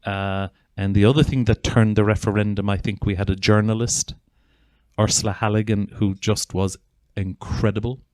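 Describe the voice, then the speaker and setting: Earnest Irish man with a low voice. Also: flat delivery, moderate pace, a little mellow, dry recording. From Ireland. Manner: earnest and heartfelt, with frequent restarts. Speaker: gestalt psychotherapist giving a talk. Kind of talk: informal talk to an audience introducing a video.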